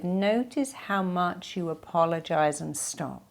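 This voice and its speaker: A woman's voice: lowish voice, moderate pace, darkish tone. A middle-aged woman giving self-help advice straight to camera, in an emphatic way, often acting out quoted speech. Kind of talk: direct-to-camera advice talk.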